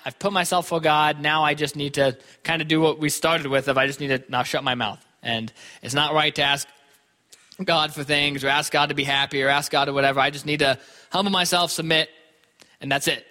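A man delivers an earnest sermon, restarting and repeating words as he works through his point. His voice is bright and sits a little high. The sound carries a long reverb, as from a large hall. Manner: earnest, repeats words while thinking aloud. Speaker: preacher.

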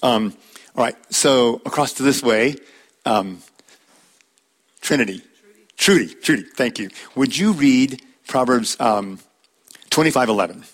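A middle-aged man leads a Bible study in a relaxed, conversational way. His voice sits in an ordinary middle pitch, and he speaks plainly and folksily, weaving in personal stories and inviting listeners to read aloud. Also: measured pace, long pauses. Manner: plain-spoken, calls on listeners by name to read verses; folksy, tells personal anecdotes with light laughs.

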